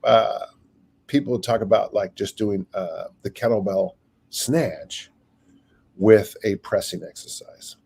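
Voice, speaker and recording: A man's voice: on the low side, steady tone, takes it slowly, vocal fry, darkish tone, breathy edge. An older man, a strength coach, rambling through stories and acting out little quotes in casual podcast talk. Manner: rambling storyteller, acts out quotes.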